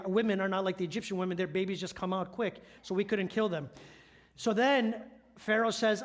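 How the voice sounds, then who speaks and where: High-voiced man preaching a sermon. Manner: conversational storytelling, rhetorical questions. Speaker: church elder preaching.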